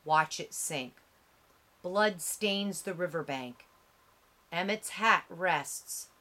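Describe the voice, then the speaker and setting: A woman narrating an audiobook with a measured, dramatic reading. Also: on the low side, pushed and bright.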